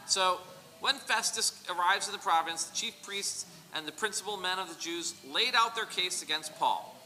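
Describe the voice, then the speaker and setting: Animated man teaching a Bible study. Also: a little high. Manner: animated, digressive, joking asides. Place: church hall. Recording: reverberant hall, faint noise.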